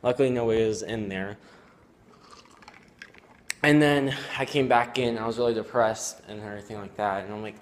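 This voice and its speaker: A man's voice: lowish voice, fairly even intonation. Rambling teenage boy telling a story. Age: teens. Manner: rambling, halting, many fillers. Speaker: student vlogger. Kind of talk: casual storytelling. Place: at home.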